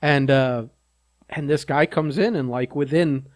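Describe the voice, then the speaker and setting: A man's voice: a little high, a little slow, dry recording. A man co-hosting a podcast in casual chat, laid-back and wry, chiming in with jokes. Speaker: podcast co-host. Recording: dry close sound.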